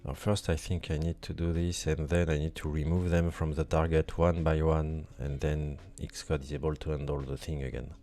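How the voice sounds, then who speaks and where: A man's voice: very deep voice, level tone, normal speed, few pauses, dark tone. A man commenting while he codes, often frustrated and swearing at his tools. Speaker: developer live-coding on stream. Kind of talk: live-coding commentary.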